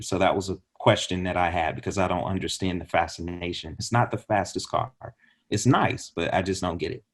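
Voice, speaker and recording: A man's voice: low-pitched, fairly quick. A man co-hosting a podcast, talking casually about a movie and acting out his own reactions. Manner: relaxed, storytelling, acts out his own reactions. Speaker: podcast co-host.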